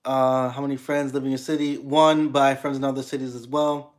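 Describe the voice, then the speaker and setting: A man's voice: medium pitch, flat delivery, a little fast. A young man hosting a livestream, chatting casually with viewers in a rambling way, with many restarts and fillers. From United States. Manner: laid-back, swears casually. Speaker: livestream host. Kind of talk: casual livestream chat reading comments.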